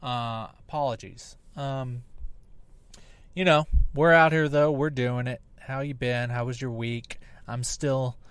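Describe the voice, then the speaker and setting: A man's voice: mid-range voice, steady tone, takes it slowly, fairly bright tone, clean tone, no echo. A man in his thirties hosting a casual solo podcast, rambling and swearing while still recovering from surgery, talking straight into a laptop mic that sounds hot and poppy. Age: 30s. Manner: profane, rambling, self-deprecating. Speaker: podcast host. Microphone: laptop mic on a video call app, close and popping.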